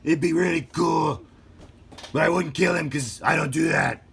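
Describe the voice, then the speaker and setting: A man doing a brooding, boastful Batman in a playful hobby-video impression, gravelly and raised a few notches above his own voice. The growl is loud and strained, pushed out as he shows off a toy car. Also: a little high, moderate pace, slight background noise, pitched above the performer's own voice. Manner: over-the-top growl while showing off a toy car. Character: gruff brooding male superhero vigilante, boastful.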